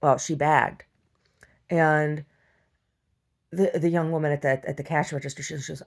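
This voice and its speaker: A woman's voice: deep voice, steady tone, unhurried, gravelly, long pauses. A woman telling a story in an emphatic, indignant casual rant, often asking "right?" and restarting her sentences. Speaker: vlogger.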